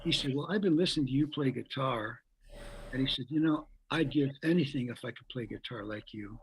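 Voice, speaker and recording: A man's voice: medium pitch, fairly quick, slight background noise, low-quality recording. An older man, a guest musician, telling a long story in a rambling way. He repeats words as he goes and acts out the voices of the people he quotes. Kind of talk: anecdotal storytelling.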